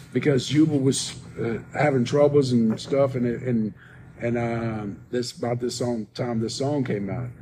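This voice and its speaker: A man as a podcast guest, telling a personal story in casual talk, soft-spoken and rambling with many restarts. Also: medium pitch, noisy background.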